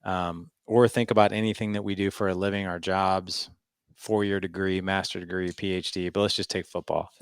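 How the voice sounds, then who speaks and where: Deep gravelly man telling his story. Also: normal speed, dry recording, studio quality. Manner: animated storyteller, lots of "I was like" quotes. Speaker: podcast guest. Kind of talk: storytelling interview.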